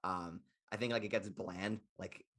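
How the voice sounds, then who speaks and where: A man's voice: sits low, fairly even intonation, a little slow, fairly bright tone. A young man co-hosting a casual film podcast, rambling with lots of "like" fillers. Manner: rambling, heavy use of "like" fillers. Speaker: podcast co-host.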